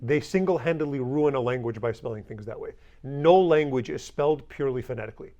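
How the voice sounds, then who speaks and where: A man's voice: mid-range voice, fast, warm tone, highs cut off. A male language teacher giving a classroom lesson, blunt and teasing, leading the class in drills.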